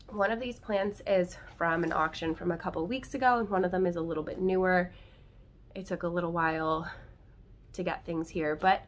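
A woman vlogging in her bedroom, talking chattily to viewers while her throat is scratchy and tickly from a cold. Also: fairly low pitch. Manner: chatty and excitable, addressing viewers directly. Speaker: plant channel host. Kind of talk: casual unboxing vlog.

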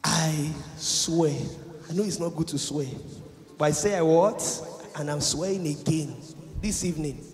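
Fervent high-voiced preacher. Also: male voice, moderate pace. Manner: fervent, swings between loud exhortation and hushed confession. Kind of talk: impassioned sermon. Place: large university chapel. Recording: echoey hall with music behind.

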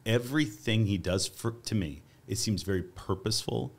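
A man hosting a casual interview, earnest and enthusiastic, quoting others with lively voices. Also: lowish voice, normal speed, husky. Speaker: podcast host.

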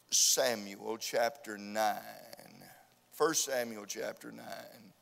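Man preaching, fervent and repetitive, pushes up to loud urging, long church reverb. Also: mid-range voice, creaky. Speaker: visiting preacher. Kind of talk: revival sermon. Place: church sanctuary.

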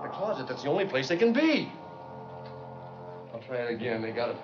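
An actor playing a nervous, stammering husband in a 1960s sitcom. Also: male voice, mid-range voice, sing-song, brisk, close to an everyday voice. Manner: flustered, stammering, jittery. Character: nervous suburban husband, comedy writer. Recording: dull old TV sound, roomy, laugh track and music.

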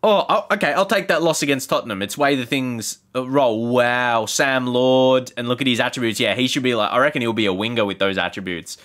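A man commentates his own football game run in a gaming video, venting frustration at the game in a sarcastic tone. His pitch sits in the middle of the male range but leaps high on sudden excited calls. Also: brisk, hardly any pauses. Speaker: gaming YouTuber. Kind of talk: gameplay commentary.

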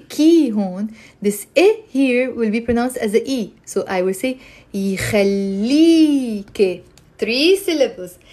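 A woman's voice: fairly high pitch, a little mellow. A woman teaching a live-streamed language lesson, chatting with viewers and drilling pronunciation. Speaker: Arabic teacher.

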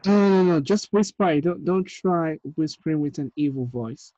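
A man directing a table read over a video call, animated and joking as he gives notes. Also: fairly high pitch, normal speed, no echo, muffled recording. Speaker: film director.

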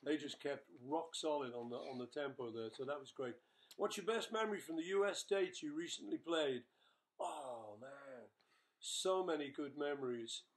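An older man chats loosely and jokingly, filling his answers with "you know" and "uh". His speaking voice sits a little high for a man. He sounds relaxed and easygoing, like a musician talking with his band. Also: moderate pace. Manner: chatty, jokey, rambling with fillers. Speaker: rock musician answering fan questions. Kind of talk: casual webchat with bandmates.

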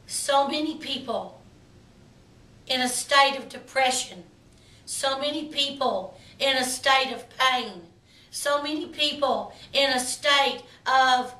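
A woman minister delivering a sermon in a slow, emphatic preaching cadence. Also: high-pitched, pushed and bright, echoey room, recorded from a distance.

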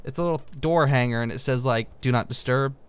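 A young man giving casual let's-play commentary, rambling and easily distracted, breaking into excited outbursts at what he finds on screen. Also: mid-range voice, fast talker, smooth. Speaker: gaming video creator.

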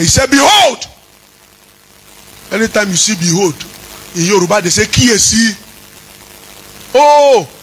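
A man preaching a sermon as pastor, chanting his lines and rising into shouts. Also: very high voice, slightly rough, low-quality recording.

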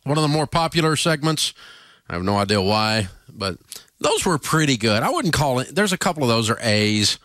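A man's voice: medium pitch, big pitch swings, normal speed, fairly bright tone, no echo, studio quality. A man with a Southern US accent hosting a talk radio show, blunt and joking in casual banter.

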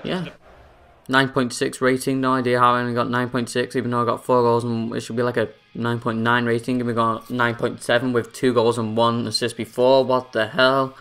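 A man's voice: medium pitch, monotone, a little fast, a bit bright, clear, resonant tone. A young man giving jokey, boastful commentary over his own gameplay. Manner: boastful, joking self-narration. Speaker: gaming YouTuber.

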